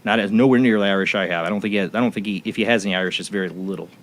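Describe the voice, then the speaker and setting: Talking rapid-fire in a fairly low voice, a man hosting a casual radio talk show recounts something from his own life. The story rambles, with many restarts along the way.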